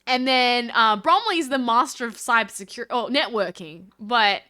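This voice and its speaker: A woman's voice: on the high side, expressive, normal speed, pushed and bright. A woman chatting casually on a live stream, reading chat aloud and thanking viewers in a bubbly, scattered way.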